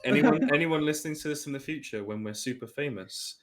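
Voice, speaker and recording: A man in casual chat, making animated jokes with his bandmates. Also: on the high side, brisk. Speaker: band member.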